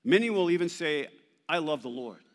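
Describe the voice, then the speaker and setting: A male pastor delivering an animated sermon, emphatic and sometimes playful, quoting scripture with rising force. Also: a little high, normal speed. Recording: long reverb of a large hall.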